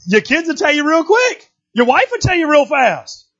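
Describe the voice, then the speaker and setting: A man preaching a sermon in a folksy, animated way, often checking in with the congregation. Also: very high-pitched, normal speed, muffled recording. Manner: folksy, animated preaching with frequent "right?" asides. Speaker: pastor.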